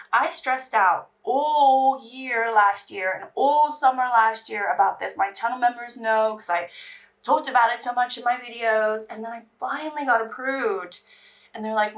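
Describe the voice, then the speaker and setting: A woman's voice: mid-range voice, fairly bright tone, distant mic. A woman from England, chatting in a rambling way while doing her makeup on camera. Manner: chatty, rambling, restarts sentences. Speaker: beauty vlogger.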